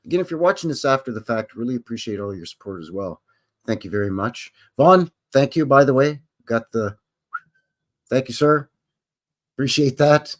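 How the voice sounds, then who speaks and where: A man's voice: medium pitch, expressive, normal speed. Rambling man hosting a livestream. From Canada. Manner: rambling, jokey, acts out voices. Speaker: livestream host. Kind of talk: casual livestream chat.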